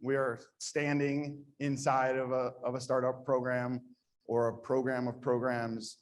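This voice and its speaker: A man's voice: mid-range voice, little pitch movement, measured pace. A man speaking to a live audience at a startup event in a conversational, self-deprecating way, with frequent restarts. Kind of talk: live conference talk.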